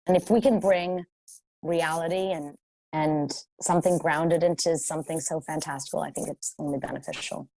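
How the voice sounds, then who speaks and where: Earnest low-voiced woman, dry sound. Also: steady tone, normal speed, mellow, dry recording. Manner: reflective, earnest, with frequent "you know" and restarts. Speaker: voice actor guest. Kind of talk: casual interview.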